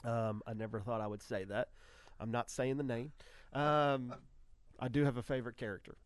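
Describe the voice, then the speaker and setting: A man hosting a radio talk show in casual chat, an animated storyteller with frequent restarts. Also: medium pitch, normal speed, no room sound.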